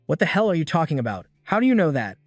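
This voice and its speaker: A man voicing a menacing male assassin with a low, threatening delivery. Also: sing-song, quick pace, no room sound, faint music behind.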